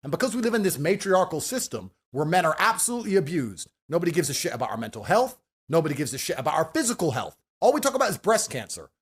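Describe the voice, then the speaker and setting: A man ranting forcefully and profanely in a heated podcast debate. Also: on the high side, big pitch swings, fast talker, hardly any pauses, breathy edge. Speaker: podcast guest.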